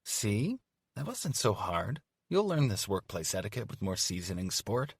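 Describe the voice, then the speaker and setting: A man voicing a sharp-tongued young woman talent agent in an audiobook, mocking and sweetly teasing. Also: fairly low pitch, sing-song, moderate pace, husky, no room sound, studio quality, exaggerated voice. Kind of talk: audiobook character voice.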